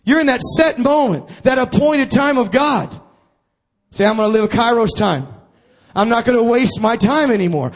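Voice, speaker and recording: A man preaching a sermon to his congregation, calling for responses and repeating his phrases. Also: sits high. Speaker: pastor.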